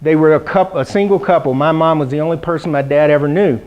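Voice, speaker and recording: A man's voice: fairly high pitch, quick pace, muffled recording. A middle-aged man giving a humorous keynote speech at a conference, telling stories and acting out the voices of the people in them. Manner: animated storytelling, acts out quoted voices. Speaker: keynote speaker. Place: conference hall.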